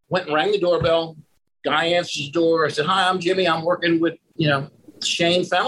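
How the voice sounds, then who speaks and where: A man, a roofing contractor, telling lively stories in a casual conversation and acting out the people in them. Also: a little high, normal speed, slight background noise, low-quality recording. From Pennsylvania. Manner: animated storyteller who acts out the people in his story.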